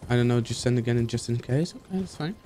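A man's voice: mid-range voice, fast, a little hiss or hum. A man casually commenting on his game as he plays, talking to the characters and swearing. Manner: animated, swears, talks to the game, yelps and squeals. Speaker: gaming streamer.

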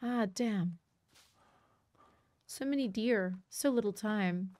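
A woman live-streaming a co-op survival game, chatting with viewers and teammates and reacting loudly when startled. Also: mid-range voice, slow. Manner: chatty, talks to viewers, jumpy loud reactions. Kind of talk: live co-op gameplay chat.

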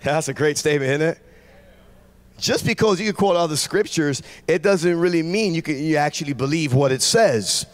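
A man preaching a sermon in a church, shouting out fervent declarations to the congregation. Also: fairly high pitch, moderate pace. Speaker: guest pastor.

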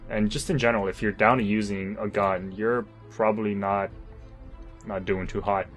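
A man's voice: on the low side, steady tone, normal speed, soft background music. A man commentating his own zombie game playthrough, swearing, joking and talking to himself in exasperation. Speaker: gamer. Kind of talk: let's play commentary.

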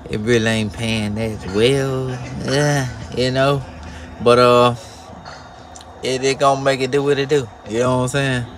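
A man, a flatbed truck driver talking casually to viewers from his truck, slow and drawling, venting and cussing. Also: medium pitch. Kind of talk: casual vlog talk to viewers.

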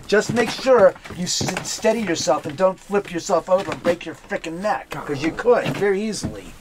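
A man guides guests through his house indoors, spinning animated stories and slipping into other people's voices. His voice sits a little high for a man, with faint ambient hum behind him. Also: moderate pace. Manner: lively, acts out quoted voices. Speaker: homeowner giving a house tour. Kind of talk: animated storytelling.

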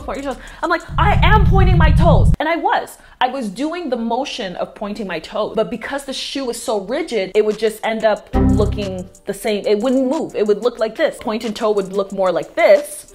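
A woman heels dance instructor giving a casual tutorial, chatty and playful, talking straight to her viewers. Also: a little high.

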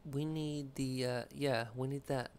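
A man's voice: medium pitch, fairly even intonation, measured pace, noisy background. A man giving loose let's play commentary while playing a game, rambling, joking and swearing casually. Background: video game music.

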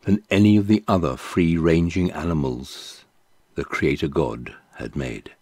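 A man reads a Bible passage in a measured, unhurried way. His voice sits very low and sounds dark and mellow, with a slow pace. The sound is dry and close. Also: no room sound. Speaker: scripture reader. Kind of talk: scripted Bible reading.

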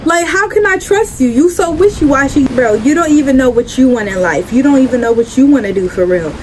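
High-voiced young woman commentating a game. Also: lively intonation, brisk, a little mellow, poor audio. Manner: chatty, reactive, slangy. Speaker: gaming creator. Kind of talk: casual gameplay commentary. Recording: game noise behind voice.

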